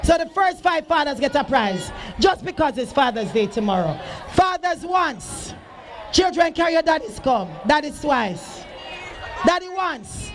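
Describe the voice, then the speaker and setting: Brief: Jamaican man emcee, very high voice, loud sing-song hype at an outdoor school sports field, faint music behind. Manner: shouting, sing-song, teasing the crowd. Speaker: event emcee.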